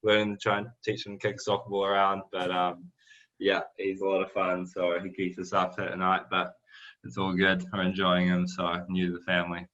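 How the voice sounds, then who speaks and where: A young man with a New Zealand accent talks in a relaxed, filler-heavy way. His voice sits low but has a tense, forceful brightness. The sound is slightly muffled and lo-fi. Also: brisk. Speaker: soccer player guest. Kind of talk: casual interview chat. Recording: dull lo-fi sound.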